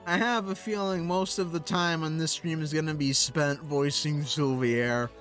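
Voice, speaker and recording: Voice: medium pitch, steady tone, moderate pace, fairly bright tone, faint music behind. A streamer casually talking to themselves while playing a game live, chuckling now and then. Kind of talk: casual live gameplay commentary.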